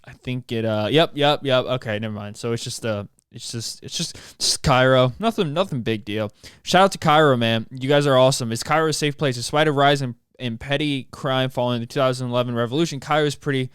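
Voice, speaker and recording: A man's voice: medium pitch, a little fast, fairly bright tone, clear, resonant tone, no room sound, studio quality. A young American man hosting a solo podcast, rambling and mocking himself, stumbling over words as he talks. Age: young adult. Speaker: podcast host.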